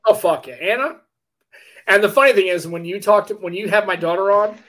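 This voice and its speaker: A middle-aged American man co-hosting a podcast, talking in an excitable way, swearing freely and laughing often. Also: high voice, normal speed. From United States. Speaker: podcast co-host. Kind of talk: casual chat.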